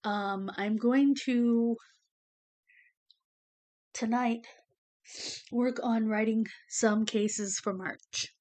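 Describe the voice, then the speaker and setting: A woman's voice: on the high side, steady tone, drawn-out words, long pauses, darkish tone. A woman giving a casual personal update to her camera, rambling with many fillers and emotional, close to tears at times. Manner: many fillers like "you know" and "um". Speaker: vlogger. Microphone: camera facing the speaker.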